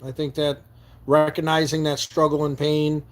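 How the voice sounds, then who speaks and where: A man hosting a live stream from his camper van in New York State reads out viewer comments and answers them with sincere earnestness. Pitched a bit higher than most men, his voice shows little pitch movement at a normal speed, and he often trips over and repeats words while searching for them.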